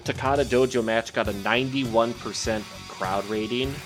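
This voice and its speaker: A man from Minnesota chatting casually with friends while playing a wrestling game, relaxed and full of fillers. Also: mid-range voice, normal speed, over music.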